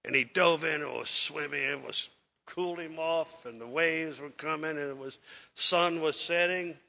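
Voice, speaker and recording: A man's voice: a little high, normal speed, vocal fry, bright, forceful tone. A man preaching to a congregation, telling a folksy, rambling story with plenty of fillers and acting out the characters' lines. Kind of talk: sermon storytelling.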